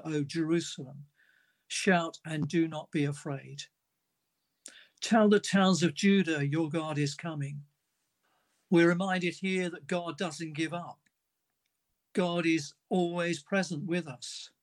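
A man's voice: fairly high pitch, steady tone, slow pace. A man preaching a sermon in an earnest manner, reading a story aloud with its dialogue.

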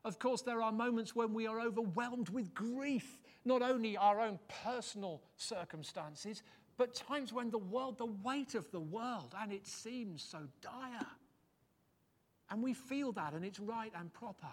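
A man preaching a sermon in church, animated and jokey, swinging his pitch and loudness for emphasis. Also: measured pace.

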